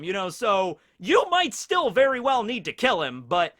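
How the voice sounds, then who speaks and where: A man's voice: high voice, very animated, moderate pace, a bit bright. A man hosting a casual anime review, talking energetically and chuckling between his points.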